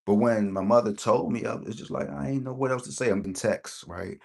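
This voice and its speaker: A middle-aged lottery channel host chats to viewers about his own life in a rambling way, repeatedly checking in with "right?". His medium-pitched voice is creaky and darkish, and he speaks briskly with few pauses.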